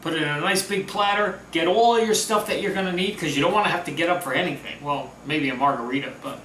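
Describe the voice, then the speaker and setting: A man's voice: fairly high pitch, fast talker, a bit bright, recorded from a distance, slight background noise. Chatty man cooking in an echoey kitchen. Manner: chatty, upbeat, talks with mouth full. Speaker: home cooking vlogger. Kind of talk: casual cooking demo. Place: home kitchen. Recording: roomy echo, voice from off-mic. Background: sizzling food on a grill.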